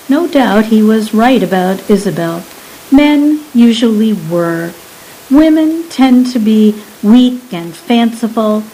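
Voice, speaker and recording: Slow, measured woman narrator. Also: mid-range voice, a little mellow, a little hiss or hum, poor audio. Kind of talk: scripted audiobook narration.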